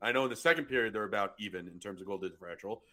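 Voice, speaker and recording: A man's voice: fairly low pitch, rapid-fire, sharp tone. A man co-hosting a casual podcast, blunt and swearing freely in chat. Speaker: podcast co-host.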